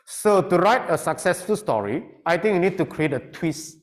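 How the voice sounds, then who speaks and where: Animated teacher, man. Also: sits high, moderate pace. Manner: animated, playful, code-switching into Mandarin. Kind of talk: classroom lesson.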